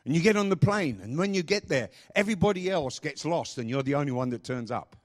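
Lively-voiced preacher man. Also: fairly high pitch, quick pace. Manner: emphatic, repeats phrases, rambling asides. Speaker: pastor. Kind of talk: sermon.

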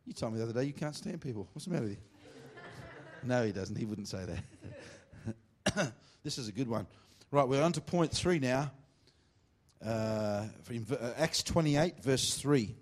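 The pastor, a man with a mid-range voice, swings between emphatic preaching and jokey, teasing asides to the congregation during his sermon. His scripture reading is deliberate and slow.

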